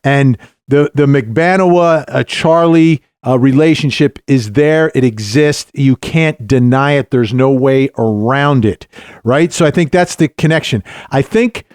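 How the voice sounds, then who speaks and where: A man's voice: medium pitch, measured pace, smooth, no room sound, clean studio sound. A middle-aged man, a former prosecutor, giving emphatic legal analysis as a podcast guest, often asking "right?". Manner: animated, emphatic, uses rhetorical "right?".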